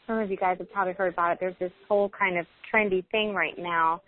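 A woman's voice: fairly low pitch, fairly even intonation, fast, a little hiss or hum. A woman joins the group call to share a suggestion, speaking thoughtfully with small hesitations. Her voice has the narrow, tinny quality of a phone connection. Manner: thoughtful, hesitant with fillers and restarts. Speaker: call participant. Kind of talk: casual sharing on a group call.

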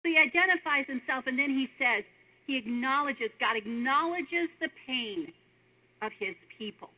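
A woman's voice: high-pitched, expressive, moderate pace. A woman giving a devotional sermon, earnest and emphatic, speaking straight to the listener with questions. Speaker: preacher. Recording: tinny phone-like sound.

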